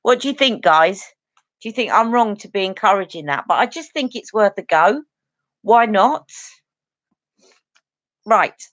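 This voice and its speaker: A woman hosting a casual beauty live stream, talking straight to her viewers in an earnest, chatty way. Her voice sits at an ordinary middle pitch and is recorded close and dry, with no room sound around it. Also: expressive, a little slow, long pauses, a bit bright, dry recording. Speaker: beauty channel host.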